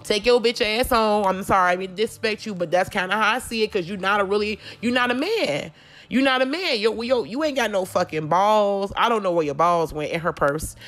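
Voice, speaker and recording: A woman's voice: mid-range voice, animated, brisk, a bit bright. A woman doing a casual tarot reading, talking bluntly and confrontationally with lots of swearing. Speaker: tarot reader.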